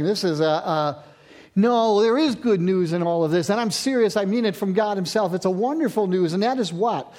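A man's voice: high voice, normal speed, darkish tone. A middle-aged man from central Pennsylvania preaching a sermon, with self-mocking asides and rising passion. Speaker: pastor.

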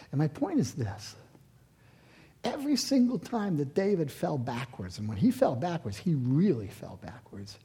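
A man in his sixties, a pastor preaching a sermon, moving from loud emphatic lines to hushed near-whispers. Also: a little high, very animated, normal speed, slightly rough.

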